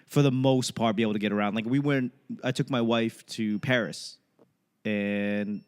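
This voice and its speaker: A man's voice: lowish voice, normal speed, smooth. A man from the United States hosting a casual podcast chat, telling stories profanely and acting out quotes. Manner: profane, animated storytelling with acted-out quotes. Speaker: podcast host, comedian.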